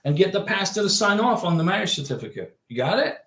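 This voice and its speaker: A man's voice: sits high, big pitch swings, quick pace, a bit bright, reverberant. Folksy man hosting a livestream. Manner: folksy, reads viewer chats aloud and answers directly. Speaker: livestream host giving visa advice. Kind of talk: casual livestream chat.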